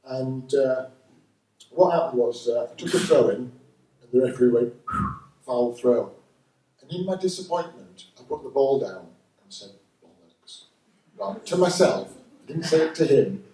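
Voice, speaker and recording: A man's voice: medium pitch, animated, normal speed, dark tone. A man with a Northern English accent doing a stand-up comedy set in a dry, wry manner, recorded live at a comedy venue. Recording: roomy live recording from a distance.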